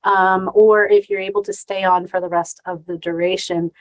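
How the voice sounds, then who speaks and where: Female moderator on a video call, mid-pitched, brisk and friendly. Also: flat delivery, low-quality recording. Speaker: workshop moderator. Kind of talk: online event moderation.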